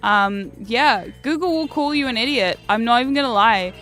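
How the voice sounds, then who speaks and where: A woman's voice: fairly high pitch, normal speed, a bit bright, faint music behind. A woman, chatting casually as a streamer while gaming, swearing freely and laughing often.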